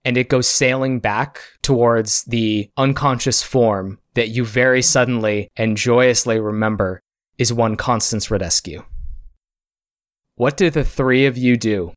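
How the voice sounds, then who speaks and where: A man running a tabletop game, narrating scenes in a calm, descriptive way. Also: medium pitch, unhurried, dry recording, studio quality. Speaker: game master.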